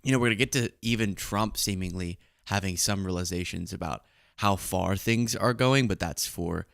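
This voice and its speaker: A young man hosting political commentary, sarcastic and animated, on a close mic. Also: low-pitched, moderate pace, gravelly, no echo. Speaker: commentary host.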